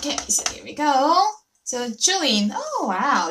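A Korean woman teaching a live online language lesson, drilling syllables slowly and cheering on her students. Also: high voice, sing-song, a bit bright, a little hiss or hum. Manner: slow, drawn-out syllable drills, cheerful praise.

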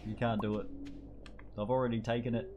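A man's voice: mid-range voice, little pitch movement, brisk, muffled recording, noisy background. A young man streaming a game, casually joking and teasing his live chat, laughing often.

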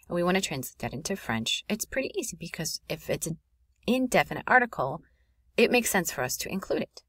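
A woman teaching a French grammar lesson in a clear, explanatory voice. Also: lowish voice, expressive, brisk, fairly bright tone, no echo, studio quality. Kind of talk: recorded classroom lesson.

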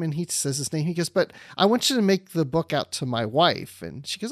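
On a podcast he co-hosts, a man shares an anecdote in casual conversation, acting out the quoted lines and laughing as he goes. His voice is fairly high and his pace normal, captured in clean studio sound with no echo.

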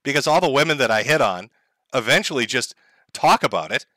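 A man putting on a whiny, self-pitying washed-up streamer, bright and lively in pitch, mocking confession, dry close sound. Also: brisk, no room sound. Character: self-pitying disgraced male streamer, pathetic.

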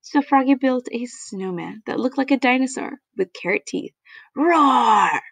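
Playful woman reading a kids' picture book aloud, animated, slightly high voice. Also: moderate pace, vocal fry, no room sound. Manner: animated, playful, with sound effects. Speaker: storybook reader.

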